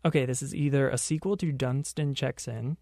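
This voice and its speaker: A man's voice: mid-range voice, fairly quick, very noisy. A young man hosting a pop culture podcast on his own, delivering sarcastic commentary full of joking asides. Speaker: podcast host.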